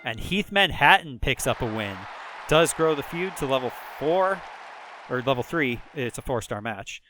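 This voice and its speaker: A man's voice: mid-range voice, animated, normal speed, crowd noise, background noise. A man with a Chicago accent casually recapping a wrestling video game as a let's play host, rambling with lots of fillers and chuckles.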